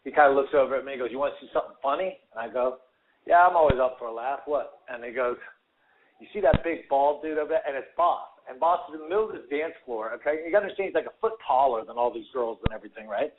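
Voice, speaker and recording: A man, a former fighter and radio guest, telling animated stories full of fillers and acted-out quotes. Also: mid-range voice, fast talker. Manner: animated storyteller, acts out quotes, many fillers. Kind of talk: casual storytelling on a radio show. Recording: tinny phone line with faint hiss.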